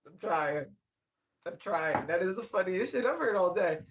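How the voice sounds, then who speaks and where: A tarot reader talking casually to viewers, excitable and laughing often, stretching out exclamations. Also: mid-range voice, moderate pace, highs cut off, background noise.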